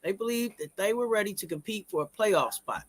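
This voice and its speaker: A man co-hosting a live-stream sports talk show, hyped and repetitive, shouting out the chat and stumbling through restarts. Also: high voice, expressive, fairly quick.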